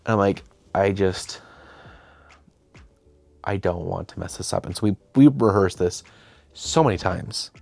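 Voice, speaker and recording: The young host's voice is deep, gravelly and darkish, a little slow, with long pauses and no room sound. Chatty and self-deprecating, he tells a behind-the-scenes story casually, often quoting himself and other people.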